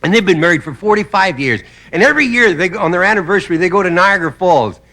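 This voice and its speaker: A man's voice: high-pitched, expressive, quick pace, sharp tone. A man hosting a comedy show, delivering a rambling stand-up monologue and chuckling at his own jokes. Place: TV studio stage. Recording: 1960s TV broadcast with live studio audience laughter and noise.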